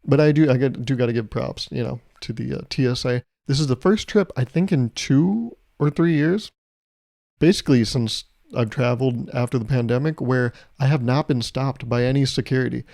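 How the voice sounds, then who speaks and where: A man's voice: medium pitch, moderate pace, vocal fry, a little mellow, dry recording, clean studio sound. A young man hosting his podcast, telling a travel story in a casual, comedic way with exasperated, swearing rants. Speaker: podcast host.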